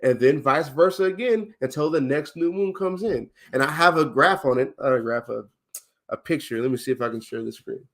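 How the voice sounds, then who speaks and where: A man teaching on a casual livestream. He talks with emphasis, asks questions, and counts things out loud. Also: mid-range voice, fairly quick, slight background noise.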